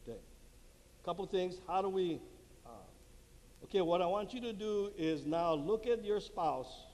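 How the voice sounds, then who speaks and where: A high, slightly mellow male voice at a moderate pace delivers a lively talk to a live audience at a marriage conference in a church hall. He acts out little quotes and laughs at his own jokes. The handheld mic captures long hall reverb along with faint room noise.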